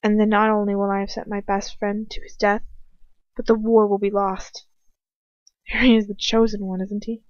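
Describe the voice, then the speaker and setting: A woman's voice: mid-range voice, level tone, moderate pace, a little mellow, dry recording. A woman reading fan fiction aloud in first person, in an earnest way with occasional slips and restarts. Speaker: audiobook reader. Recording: dull lo-fi home recording.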